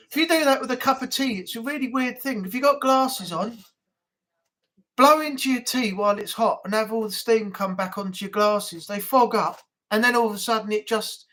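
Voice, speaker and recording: A man's voice: extremely high pitch, sharp tone. A man hosting a casual live chat from home, rambling and easygoing. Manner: rambling, chatty, laughs easily. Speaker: live stream host.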